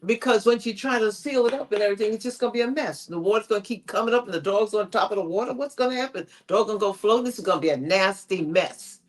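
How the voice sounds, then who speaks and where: A woman's voice: medium pitch, quick pace, hardly any pauses, soft background music. A woman co-hosting a TV recap chat, telling the story in an emphatic, exasperated way with lots of rhetorical questions. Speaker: co-host of a TV recap show. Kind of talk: animated casual recap chat.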